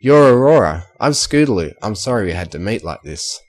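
A man's voice: lowish voice, big pitch swings, brisk. A man voicing a brash young female pegasus filly. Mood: gentle. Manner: sobbing then shouting in defiance.

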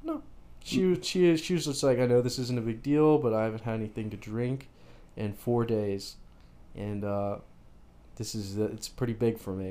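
A man's voice: medium pitch, moderate pace, dark tone. Male podcast co-host, blunt offhand delivery, crude casual banter.

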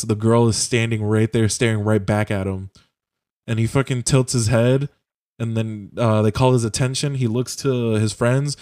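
On a voice call through a home mic, a young podcast co-host rambles casually through a video game's plot, swearing and using lots of fillers. His medium-pitched voice has a darkish tone, and the recording is dry and studio quality.

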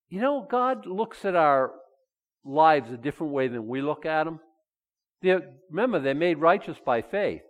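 Folksy, animated preacher man. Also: fairly high pitch, big-room sound. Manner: folksy and animated, acts out Bible figures in dialogue. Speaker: pastor. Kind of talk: conversational sermon.

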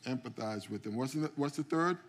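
A man's voice: medium pitch, fairly quick, a little hiss or hum. A man preaching a sermon as pastor, calling out to the congregation and often repeating words as he starts a phrase. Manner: preaching with call-outs to the congregation. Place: church sanctuary.

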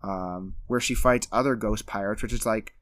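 A man co-hosting a casual podcast, recapping a cartoon movie and acting out the characters' lines with lively energy. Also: lowish voice, moderate pace. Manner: animated, acts out characters' lines while retelling. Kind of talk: casual chat.

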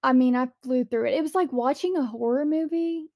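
A woman co-hosting a podcast in casual chat, relaxed and agreeable, with many fillers like "like" and "you know". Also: high voice, fairly quick. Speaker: podcast co-host.

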